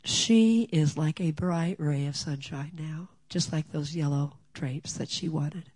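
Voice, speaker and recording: An older woman speaking at a women's gathering, giving a personal testimony as an animated storyteller with lively asides. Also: deep voice, slow, breathy edge, dry recording.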